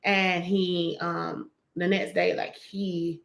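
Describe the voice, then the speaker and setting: A woman co-hosting a podcast, talking in a relaxed, slangy casual chat. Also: fairly low pitch, slow, vocal fry, slight background noise. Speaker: podcast co-host. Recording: roomy echo.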